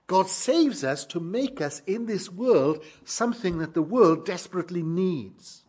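A man preaching a sermon to his congregation, measured and emphatic, slowing down to stress key phrases. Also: high-pitched, animated, a little mellow, breathy edge.

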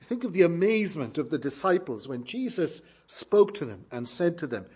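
A man preaches a sermon with a husky, somewhat breathy edge to his voice. His pitch sits a little high for a man. He speaks in a measured, emphatic way, drawing out key phrases. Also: big pitch swings, a little mellow.

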